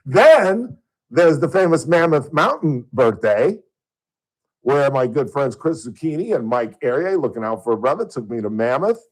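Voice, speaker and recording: A middle-aged Southern California man hosts a radio show, spinning stories in relaxed on-air chat and turning loud and high-pitched when he gets worked up. His delivery is sing-song at a moderate pace, and the recording quality is low.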